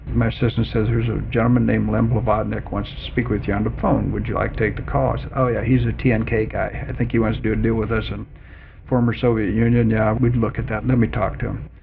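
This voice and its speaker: Older male interviewee, gravelly storyteller, thin phone-like audio. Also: fairly low pitch, fast talker. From Canada and Colorado. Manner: animated storyteller who quotes other people in dialogue. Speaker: interviewee, former chief executive. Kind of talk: oral history interview storytelling. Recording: phone-like narrow band with faint noise.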